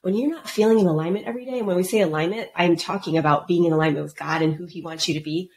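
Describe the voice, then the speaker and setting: A woman's voice: on the low side, rapid-fire. A middle-aged woman, a business coach, telling her story in a casual podcast interview and acting out the voices of the people she quotes. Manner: animated, acts out quoted voices.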